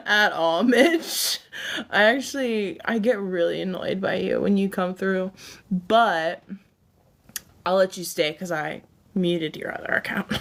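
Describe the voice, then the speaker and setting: A woman hosts a casual livestream, talking slowly and unhurriedly while chatting directly with viewers. Her mid-range voice is a bit bright, and she laughs often between remarks.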